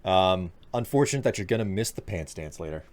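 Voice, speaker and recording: A man's voice: low voice, expressive, a little fast. A man streaming a game live, chatting casually to his viewers while congested from allergies. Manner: chatty, talks straight to his chat, self-mocking. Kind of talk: live gameplay commentary.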